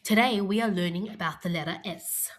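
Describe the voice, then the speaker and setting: A woman with a mid-range voice teaches an early-years phonics lesson, speaking slowly and clearly with an encouraging classroom manner.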